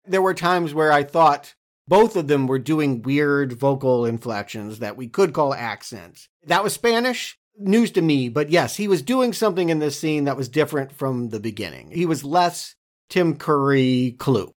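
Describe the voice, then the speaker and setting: A man co-hosting a casual film podcast, talking through a movie in an analytical, measured way. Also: on the high side, lively intonation. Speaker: podcast co-host.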